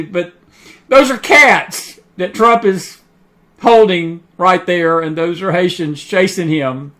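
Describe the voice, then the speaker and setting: A man with a high, light voice hosts an online talk show from what sounds like a home studio. He talks in a loose, chatty way, trailing off and restarting often, with plenty of ums and uhs between his thoughts. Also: slow pace, a bit bright. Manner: chatty, rambling, many fillers. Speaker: host. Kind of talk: casual talk show monologue.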